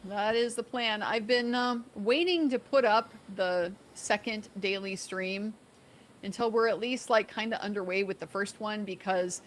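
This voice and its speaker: Casting note: easygoing female streamer, mid-pitched, answers chat questions, faint background hum. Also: a little slow. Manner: relaxed, chatty, reads viewer questions. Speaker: co-streamer, livestream host. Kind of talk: casual livestream chat.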